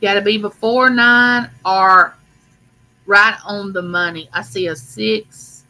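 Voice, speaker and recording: An older woman with a drawl hosts a casual live chat, calling out to viewers by name. Her voice is bright and forceful, and her way of talking is chatty and affectionate. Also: mid-range voice, fairly even intonation, takes it slowly, low-quality recording. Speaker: live stream host.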